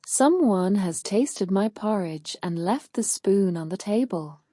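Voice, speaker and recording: A woman voicing a big, gruff father bear in a storybook, speaking in a heavy, growling way. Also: mid-range voice, lively intonation, slow, warm tone, no room sound, clean studio sound.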